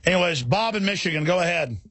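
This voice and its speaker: Husky, high-pitched ranting radio host man. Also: animated, fast talker, fairly bright tone, dry recording. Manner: heated, rambling, emphatic. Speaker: radio talk show host. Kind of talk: ranting talk radio monologue.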